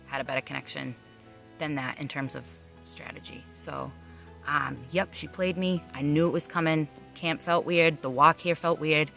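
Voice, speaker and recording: A woman gives a candid confessional as a reality game contestant. Her voice is bright and sharp, with a gravelly, fry-laden edge. She talks bluntly and swears without a second thought. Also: low voice. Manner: frank, blunt, swears freely.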